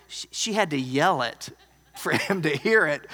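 A man preaching a sermon, telling a story that swings from loud to hushed. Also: on the high side, moderate pace, breathy edge. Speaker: pastor. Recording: long hall reverb.

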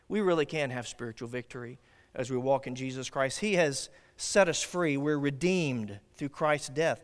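Man, pastor, sermon, high lively voice, loud-to-hushed swings, echoing church hall. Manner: animated preaching, swinging between loud and hushed.

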